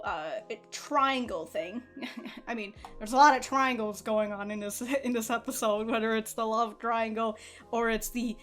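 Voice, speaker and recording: Excitable young woman reacting with laughs. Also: on the high side. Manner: excitable, laughs often, swears casually, restarts sentences. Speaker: anime reaction host. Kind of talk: casual reaction commentary.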